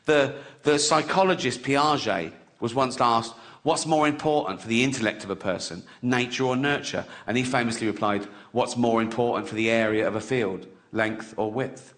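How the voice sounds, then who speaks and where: A man's voice: medium pitch, normal speed, few pauses, fairly bright tone. A middle-aged man doing a stand-up comedy set, swearing freely and often cracking up at his own jokes.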